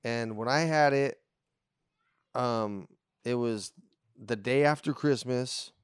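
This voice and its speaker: Man, smooth clear voice, laid-back podcast chat, swears often, dry close sound. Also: medium pitch, takes it slowly, no echo. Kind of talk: casual profane chat.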